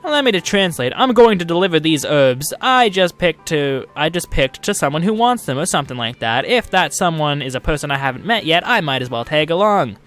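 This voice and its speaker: Animated young man playing a game. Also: on the high side. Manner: animated, jokey, quick to laugh. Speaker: let's play host. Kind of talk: casual game commentary, reading game text aloud.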